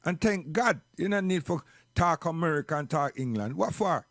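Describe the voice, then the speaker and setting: A man's voice: a little high, lively intonation, normal speed, fairly bright tone, no echo, studio quality. A man with a Jamaican accent giving an impassioned, preachy spoken monologue, hammering his points with repeated questions. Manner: preachy, emphatic, repeats "you understand?".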